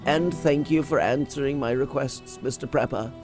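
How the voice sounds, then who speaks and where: A man's voice: mid-range voice, normal speed, darkish tone, soft background music, close to an everyday voice. A man reading a friendly secret agent. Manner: reads dialogue aloud with small stumbles.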